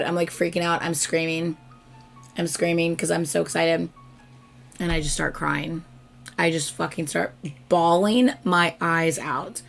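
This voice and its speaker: A young woman hosting a casual live stream, telling a story excitedly and swearing freely. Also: lowish voice, measured pace, creaky, soft background music. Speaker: host.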